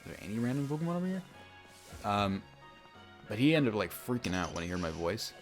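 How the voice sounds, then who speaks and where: A young man with a deep voice, chatting casually over a let's-play and telling a story, rambling with many fillers and restarts. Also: big pitch swings, fast. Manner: rambling, self-interrupting, lots of fillers and restarts. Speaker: gaming YouTuber. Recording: faint background game music.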